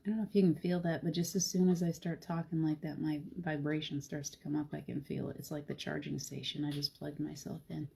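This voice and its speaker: Middle-aged female host, soft and reflective, husky, warm low tone. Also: little pitch movement, fairly quick, hardly any pauses. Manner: gentle, reflective, soft-spoken with frequent laughs. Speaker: host of a live spiritual talk show. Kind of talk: casual live-stream chat.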